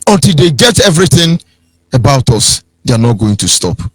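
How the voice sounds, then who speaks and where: Very animated and mid-range, a Nigerian-accented man's voice carries a preachy political radio talk at a moderate pace over a dry recording. His impassioned delivery swings into a mocking sing-song as he imitates other people.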